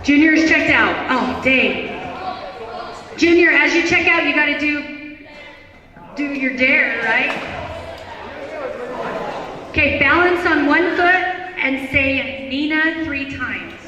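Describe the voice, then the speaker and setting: A woman's voice: high voice, lively intonation, takes it slowly, pauses often, bright, forceful tone, muffled recording. A woman hosting a school game show, calling out dares and cheering on contestants in an upbeat, encouraging way. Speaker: event host. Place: large school hall with a crowd. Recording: echoey hall recorded from far off.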